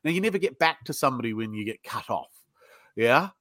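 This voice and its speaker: A man's voice: mid-range voice, animated, fairly quick, a bit bright, no echo, clean studio sound. A middle-aged British man speaking as a sales trainer in a podcast interview, blunt and salty, acting out both sides of sales calls as he tells stories. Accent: British English. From United Kingdom.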